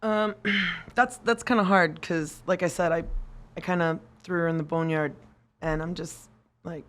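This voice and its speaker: Animated woman telling a story, lower voice. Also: unhurried. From United States. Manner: animated storyteller, acts out quotes, swears, laughs often. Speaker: podcast guest, machinist. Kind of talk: casual storytelling interview.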